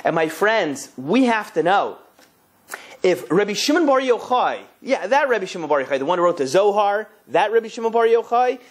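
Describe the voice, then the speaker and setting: A young rabbi teaches a Torah lesson, telling it like a story. His delivery is emphatic and lively, with his voice jumping sharply up for stress and dropping again. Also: normal speed. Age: young adult. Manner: lively, emphatic storyteller with big pitch swings.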